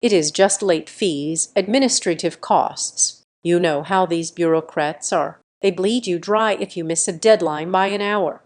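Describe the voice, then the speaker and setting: A woman's voice: fairly low pitch, a little slow, hardly any pauses, darkish tone, natural voice. A woman voicing a panicky, pushy middle-aged father in debt, who talks in a snappish, defensive way in a narrated story.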